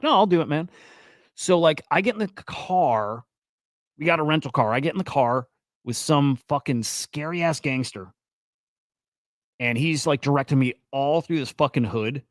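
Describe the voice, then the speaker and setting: A man's voice: mid-range voice, no echo, studio quality. Profane, rambling male storyteller. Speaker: host. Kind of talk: casual storytelling on a livestream.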